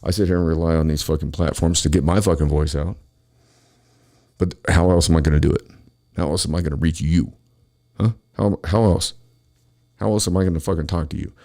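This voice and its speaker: A man with a very low, gravelly voice rants on his own show. He talks angrily and swears constantly as he vents to his listeners. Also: fairly even intonation, fairly quick, long pauses, dark tone. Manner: angry, profane, ranting. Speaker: podcast host. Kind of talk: solo political rant.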